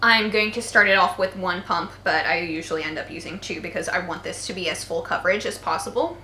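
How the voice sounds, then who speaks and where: A woman's voice: on the low side, fairly quick, sharp tone. A young woman in her twenties, tired from poor sleep, talks through a makeup tutorial in a chatty, playful way with joking asides. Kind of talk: casual makeup tutorial narration. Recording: roomy echo, faint background noise. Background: faint voices of people outside.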